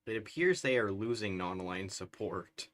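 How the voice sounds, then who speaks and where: A man's voice: on the low side, animated, moderate pace, fairly bright tone. A man livestreaming a strategy game, giving casual, bemused running commentary and laughing often.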